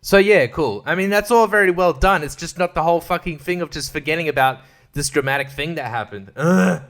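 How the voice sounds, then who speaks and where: A man's voice: on the high side, a little fast, a bit bright. A man hosting a podcast, ranting casually and exasperatedly about a TV finale, swearing and mimicking the characters. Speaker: podcast host.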